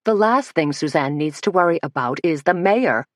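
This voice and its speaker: A woman's voice: low voice, animated, moderate pace, dry recording, clean studio sound. A woman narrator voicing a cooing, giddy male hair stylist.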